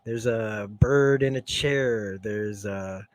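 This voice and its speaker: A host with a fairly low voice rambles enthusiastically through a stream-of-consciousness TV recap, speaking slowly and laughing often. The sound is dry with no echo, captured on a streaming setup mic.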